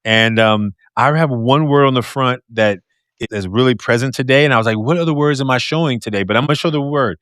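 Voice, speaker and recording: With a loud, deep voice that projects, a man hosts a casual podcast interview, animated and expressive, laughing often and talking a little fast. The sound is clean studio audio with no room echo.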